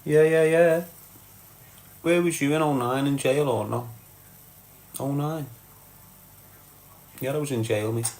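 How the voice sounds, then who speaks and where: A man's voice: medium pitch, fairly even intonation, slow, long pauses, darkish tone, reverberant. A man with a Scouse accent from Liverpool, hosting a live stream and chatting bluntly to viewers, reading out comments and swearing freely. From Liverpool, England. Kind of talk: casual live chat.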